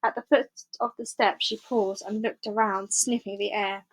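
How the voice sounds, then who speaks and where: A woman reading a children's book aloud, telling the story in a clear, measured way. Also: medium pitch, level tone, poor audio. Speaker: storybook reader.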